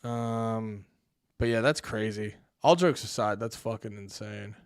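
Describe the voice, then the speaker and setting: A man's voice: on the low side, measured pace, clean tone, no echo, studio quality. A male livestream host giving casual commentary, profane and sarcastic, often breaking into laughter as he reacts. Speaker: streamer host.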